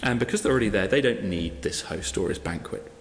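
A fast-talking preacher with a lowish voice tells a parable during his sermon, acting out each character and animatedly voicing the quoted guests. The echoey hall recording carries a little hiss or hum.

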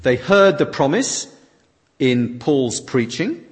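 Husky male preacher in a reverberant hall. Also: medium pitch, slow pace. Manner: expressive, with dramatic readings of quotations. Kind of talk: sermon with interpretation. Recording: long reverb of a large hall.

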